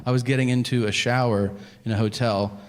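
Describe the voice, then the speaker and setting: A male stand-up comedian telling a story on stage in a self-deprecating, deadpan manner. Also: mid-range voice, brisk, smooth.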